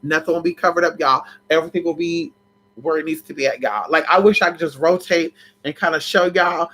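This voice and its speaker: A spiritual vlogger chatting casually to viewers in a sassy, dramatic way, swooping up and down in pitch and breaking into laughs and shouts. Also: fairly quick. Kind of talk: casual livestream chat.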